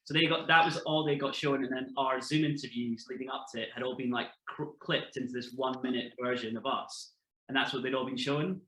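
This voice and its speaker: A man's voice: medium pitch, steady tone, brisk, bright, forceful tone, reverberant, low-quality recording. A man, a podcast guest, chatting casually and telling anecdotes, swearing now and then. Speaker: podcast guest, former reality show contestant. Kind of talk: casual storytelling chat.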